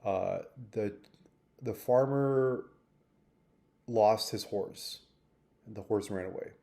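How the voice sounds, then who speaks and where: A man's voice: on the low side, slow pace, gravelly, mellow. A man talking through a personal mistake in a reflective vlog, thoughtful and rambling, with restarts and fillers. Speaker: vlogger.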